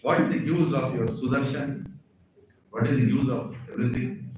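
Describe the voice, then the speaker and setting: Guy putting on an angry grieving brahmin dad, yelling questions, far off in a big echoey hall. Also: mid-range voice, moderate pace, slight background noise, voice pushed down, natural voice. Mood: accusing. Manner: accusing, shouting rhetorical questions. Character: grieving, furious male Brahmin father.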